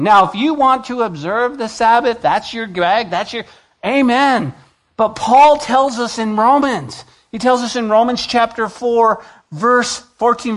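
A man's voice: very high voice, unhurried. A man preaching a sermon as pastor, reading scripture and rising to emphatic, passionate preaching.

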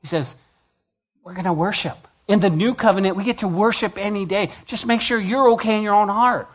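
A man's voice: high-pitched, a little fast. A man preaching a sermon as pastor, reading scripture and rising to emphatic, passionate preaching.

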